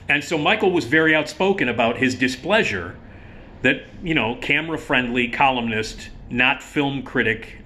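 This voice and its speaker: A man's voice: mid-range voice, pushed and bright. A middle-aged man hosting an online film show, talking casually to the camera in a rambling, conversational way with many restarts.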